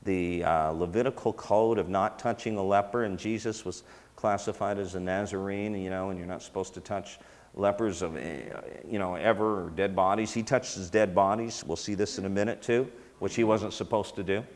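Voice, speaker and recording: A man's voice: low voice, fairly even intonation, normal speed. A man teaching in sermon style, talking conversationally with fillers and restarts. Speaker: teacher of a ministry school. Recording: long hall reverb.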